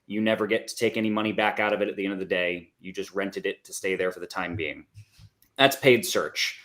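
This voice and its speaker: A man's voice: low voice, fairly quick, a bit bright. A man, a marketing guest, explaining his point through a plain everyday analogy. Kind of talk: explanatory interview talk.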